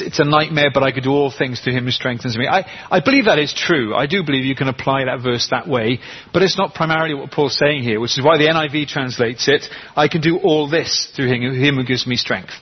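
Emphatic preacher, husky voice. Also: male voice, medium pitch, dull audio. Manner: emphatic, slows down to stress key words. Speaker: pastor. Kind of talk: sermon.

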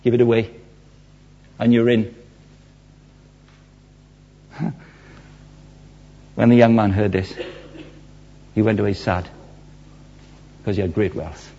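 Male preacher, husky, storytelling with big acted swings; muffled lo-fi sermon recording. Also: slow, pauses often. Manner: animated storytelling, acts out quotes with big swings in pitch and loudness.

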